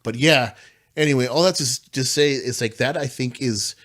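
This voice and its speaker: Male pastor, lively slangy storyteller, mid-pitched, casual podcast chat. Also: normal speed. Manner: animated storytelling, slangy, says "bro" and "dude".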